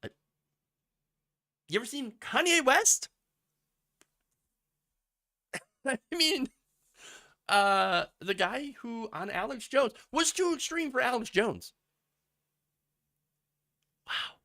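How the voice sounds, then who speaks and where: A man's voice: very high voice, sing-song, slow, pauses often, bright, forceful tone. A man hosting a political commentary show, talking sarcastically over news clips with mocking asides.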